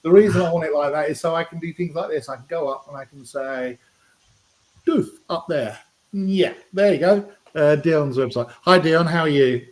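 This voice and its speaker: A man's voice: fairly high pitch, moderate pace. Chatty British man hosting a livestream. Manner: chatty, rambling, lots of ums and uhs. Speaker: livestream host. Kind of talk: casual live-stream chat.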